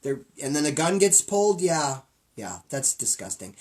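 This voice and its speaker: Animated joking guy on a podcast, pitch all over the place. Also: a little fast. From New York State. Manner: animated, jokey, self-deprecating. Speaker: podcast co-host. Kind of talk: casual comedic podcast banter.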